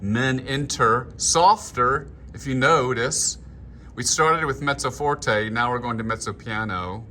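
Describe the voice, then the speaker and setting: A man's voice: mid-range voice, slow pace, bright, forceful tone, slight background noise. A man leading a choir through a score. He explains markings patiently and step by step. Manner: patient, instructional, sings phrases to demonstrate. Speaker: choir director.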